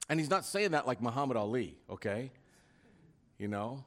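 A man preaching from the pulpit in a mid-pitched voice, pressing his points with rhetorical questions. He moves between firm emphasis and quiet, hushed passages as he delivers his sermon. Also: fast talker. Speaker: pastor.

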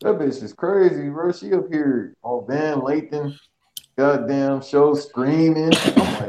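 A man chatting as a podcast guest, firing off quick slangy jokes. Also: a little high, darkish tone. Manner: quick joking comebacks, slangy. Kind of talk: casual podcast banter. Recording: roomy, dull lo-fi sound.

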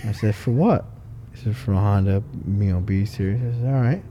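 Man, lowish voice, swears a lot, laid-back shop talk, storyteller. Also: brisk, dark tone, slight background noise. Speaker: car builder and shop owner. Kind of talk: casual podcast chat.

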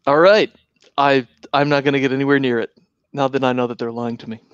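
A man's voice: medium pitch, fairly even intonation, fast talker, clean tone, dry recording. A man co-hosting a casual talk show, making dry, wry remarks. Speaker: podcast co-host. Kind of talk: casual chat. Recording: dull, dry, muffled.

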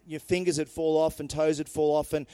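A man preaching a sermon, retelling scripture stories in lively, casual everyday words. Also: on the high side, a little fast, clear, resonant tone, no echo.

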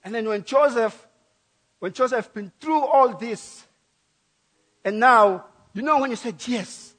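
A man preaching a sermon emphatically, repeating key phrases and swinging from loud to soft. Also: very high-pitched, unhurried.

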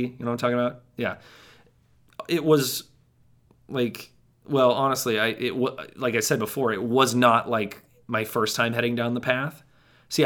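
A man's voice: mid-range voice, fairly bright tone, lightly acted. Man as a jittery paranoid hiker. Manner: rambling, wry asides to listener. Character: jittery paranoid young man lost on trail. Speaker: first-person narrator. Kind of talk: monologue storytelling.

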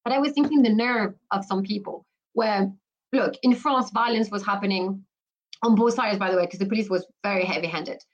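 A woman's voice: medium pitch, fairly quick, poor audio. A woman talking as a guest on a podcast interview, emphatic and full of restarts and "you know" fillers. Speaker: guest commentator.

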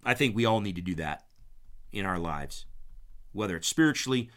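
A man's voice: low voice, moderate pace. A man talking in a casual, rambling monologue, often restarting and repeating words, acting out quoted arguments. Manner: animated when retelling arguments, acting out quotes.

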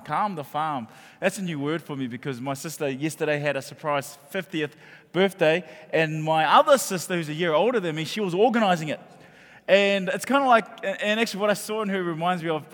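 A man, preaching a sermon and telling stories animatedly, acting out the voices of the people in them. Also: fairly high pitch. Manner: animated storytelling that acts out quoted voices. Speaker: pastor. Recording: echoey hall reverb.

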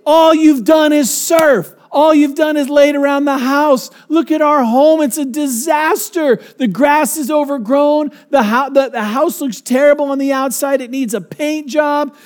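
A man doing a shrill nagging wife. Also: flat delivery, moderate pace, hardly any pauses, a little mellow. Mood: scolding. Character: exasperated wife scolding her husband.

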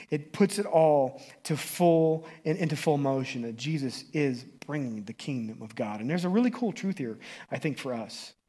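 A man preaching a sermon as pastor, casual and excitable, often restarting and tagging lines with "right?". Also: medium pitch, husky. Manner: conversational, excitable, frequent restarts and "right?" tags.

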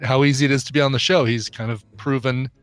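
A man's voice: medium pitch, fairly even intonation, fast, a bit bright, no room sound, soft background music. A man co-hosting a podcast in casual chat, musing and making playful arguments. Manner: chatty, musing, argues playful points. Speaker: podcast co-host.

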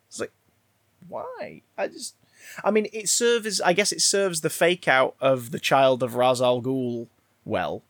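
A man's voice: mid-range voice, a little slow, no echo, studio quality. A man casually discussing a film, rambling and swearing with frequent restarts.

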